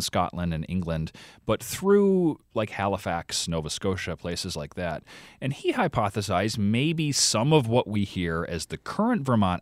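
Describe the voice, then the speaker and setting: Low-voiced man explaining on radio. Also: no room sound, studio quality. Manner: explanatory, thinking aloud with fillers. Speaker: radio guest, podcast reporter. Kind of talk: conversational radio interview.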